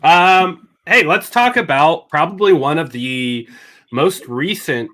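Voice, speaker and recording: A young man with a bright, forceful voice that sits a little high, hosting a casual panel chat over a video call. He talks in a chatty way, stumbling and restarting, cracking jokes and then turning earnest when he praises a film. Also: expressive, slow. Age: young adult. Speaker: host.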